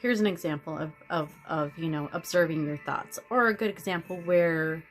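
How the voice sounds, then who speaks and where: A woman's voice: deep voice, normal speed, faint music behind. A woman vlogger talking through a self-help idea in a rambling, casual monologue, often restarting her sentences and acting out everyday stories. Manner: rambling, many restarts and fillers; animated storytelling.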